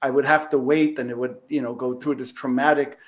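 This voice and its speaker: This time the Canadian talk-show host sounds medium-pitched and flat, talking fairly quickly. His personal anecdote wanders, packed with fillers and an occasional curse, in a relaxed tone.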